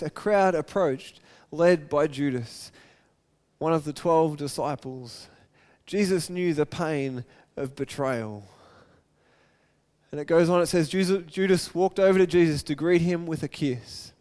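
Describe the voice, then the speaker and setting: A man preaching a sermon, retelling scripture and acting out the quoted lines, swinging from loud and excited to hushed and soft. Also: on the high side, unhurried.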